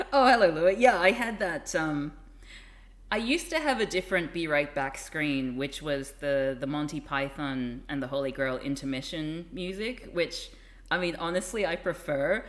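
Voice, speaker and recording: A woman's voice: sits low, measured pace. A woman streamer chatting casually and rambling with asides. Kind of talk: casual live-stream chat.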